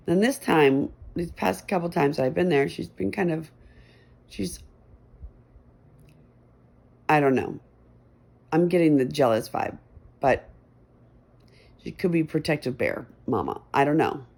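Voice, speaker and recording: A woman's voice: low-pitched, creaky, darkish tone. A middle-aged woman vlogging from her messy bedroom at home in a chatty, meandering, self-deprecating ramble. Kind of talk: rambling casual chat.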